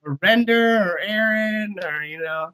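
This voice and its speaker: A man's voice: sits high, unhurried, a bit bright, clear, resonant tone, poor audio. A man who is a band and comedy manager, talking bluntly and profanely as a guest in a casual podcast interview, full of motivational rambling.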